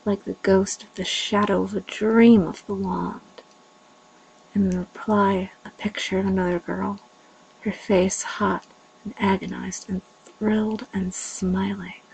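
Slow, gravelly, breathy woman narrator. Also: medium pitch, level tone, a little mellow, poor audio. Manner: slow, breathy delivery, dropping to whispers. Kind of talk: erotic story reading.

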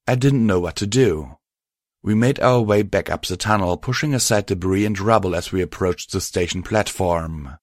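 A man narrating a story aloud in a steady, even storytelling manner. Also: low-pitched, moderate pace, dry recording, clean studio sound. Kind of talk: scripted audiobook narration.

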